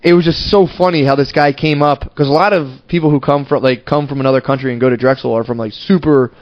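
A man's voice: mid-range voice, steady tone, quick pace, dry recording, muffled recording. Profane, rambling storytelling man. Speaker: podcast co-host. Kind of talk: casual chat.

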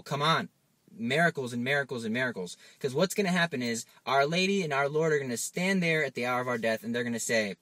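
A man's voice: medium pitch, fast, a bit bright, no echo. A man preaching an informal sermon, urging his listeners with urgent exhortation and little acted-out dialogues. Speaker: Catholic preacher.

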